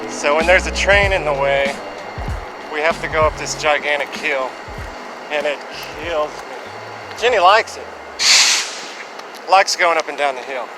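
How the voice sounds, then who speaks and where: A man's voice: on the high side, measured pace, long pauses, music in the background, rough recording. A young man chatting to the camera on an outdoor walk, self-mocking and a little winded. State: out of breath on a hill. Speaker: vlogger. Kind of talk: casual outdoor vlog. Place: outdoors by train tracks and a hill. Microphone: handheld action camera.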